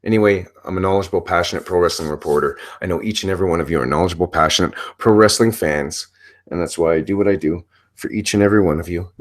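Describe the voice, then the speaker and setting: A man's voice: low-pitched, quick pace. A man hosting his own channel as a pro wrestling reporter, giving casual, earnest, emphatic commentary with some profanity.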